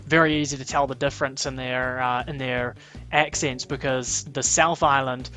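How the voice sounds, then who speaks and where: A man's voice: mid-range voice, steady tone, normal speed, sharp tone, faint music behind. A man with a New Zealand accent co-hosting a casual livestream, teasing and laughing often, with plenty of ums. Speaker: livestream co-host.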